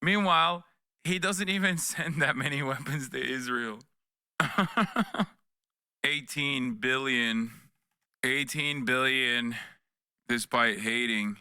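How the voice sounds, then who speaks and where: A man's voice: medium pitch, takes it slowly, long pauses, bright, forceful tone, clear, resonant tone, no room sound. A man in his thirties reacting to news clips on a live stream, sarcastic and profane, close to a desk mic. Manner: profane, sarcastic, mocking voices.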